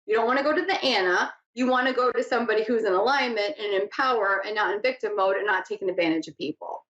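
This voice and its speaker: A woman's voice: mid-range voice, quick pace, fairly bright tone. A woman hosting a psychic talk show, teaching in a casual, chatty way that often drifts off topic. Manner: chatty, laughs easily, wanders off topic. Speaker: psychic radio host. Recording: echoey lo-fi room sound.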